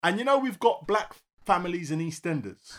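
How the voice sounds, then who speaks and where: Man, podcast co-host, high lively voice, slangy chat that loops back on itself. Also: moderate pace. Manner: animated, slangy, repeats himself. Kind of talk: casual banter.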